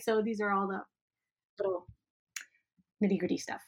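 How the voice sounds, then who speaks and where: A woman teacher speaking in an animated, emphatic way in a conversational interview. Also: medium pitch. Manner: animated, emphatic, quick asides with laughs. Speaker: teacher educator guest.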